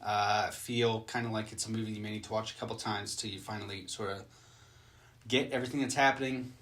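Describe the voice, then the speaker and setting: A man's voice: on the low side, steady tone, a little fast, a bit bright. Loose, swearing guy recapping a movie. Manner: loose, profane, rambling. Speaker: movie reaction host. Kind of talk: casual film recap and reaction.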